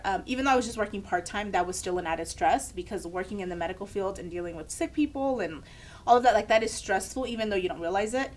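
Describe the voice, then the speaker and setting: A woman's voice: mid-range voice, fast, slight background noise. A young woman, a podcast co-host, telling a candid personal story in casual chat and acting out the people she quotes.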